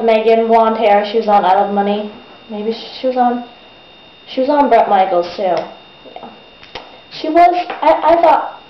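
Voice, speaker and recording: Teen girl ranting at her webcam, kinda high voice, echoey bedroom, muffled audio. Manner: animated, exasperated ranting with mocking voices. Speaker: vlogger. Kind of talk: casual ranting vlog. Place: bedroom at a desk. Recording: echoey, dull webcam audio with faint hiss.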